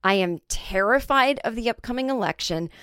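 A woman's voice: fairly high pitch, expressive, moderate pace, a bit bright, clean tone, no room sound, studio quality. A woman comedian hosting her own podcast, talking in a candid, rambling and sometimes profane casual monologue. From United States.

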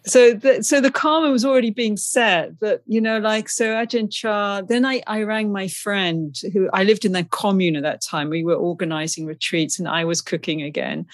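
A woman's voice: mid-range voice, normal speed, hardly any pauses, dry recording. A woman from England, a guest in an interview, telling stories in a chatty, anecdotal way and laughing often. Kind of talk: storytelling in a conversation.

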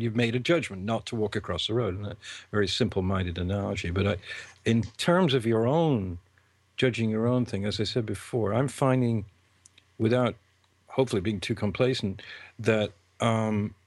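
A man in casual conversation who speaks thoughtfully and haltingly, often restarting his sentences. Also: lowish voice, no room sound.

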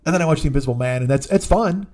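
A man hosting a comedy podcast, telling a profane, excitable monologue and breaking into voices. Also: a little high, very fast. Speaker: podcast host.

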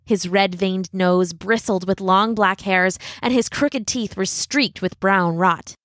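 Expressive woman storybook narrator. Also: medium pitch, no echo, studio quality. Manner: expressive, dramatic slowing at tense moments. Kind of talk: scripted fairy-tale narration.

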